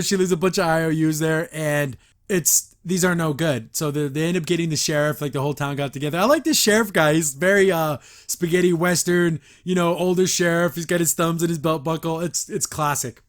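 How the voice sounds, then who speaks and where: A man hosting a casual episode review, chatty and quick to laugh, with lots of filler words. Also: a little high. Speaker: host.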